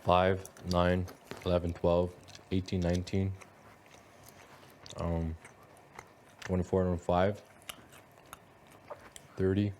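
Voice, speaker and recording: A man in a low-key casual chat, murmuring through a list of numbers. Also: flat delivery, slow pace, long pauses, darkish tone, slight background noise. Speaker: houseguest.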